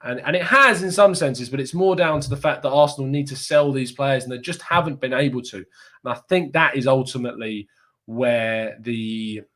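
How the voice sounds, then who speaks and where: A man's voice: mid-range voice, moderate pace, a bit bright. A young man from Kent with a southeast English accent, hosting a casual live stream and reading viewer comments aloud with frequent laughs. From Kent, England. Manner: chatty, laughs often, reads comments aloud. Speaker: fan channel host reading live chat.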